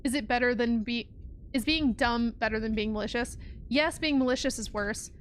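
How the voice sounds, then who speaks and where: A woman's voice: a little high, moderate pace, a little hiss or hum. A young woman streaming a game, talking casually and animatedly, swearing often and sounding exasperated. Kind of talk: casual gameplay commentary.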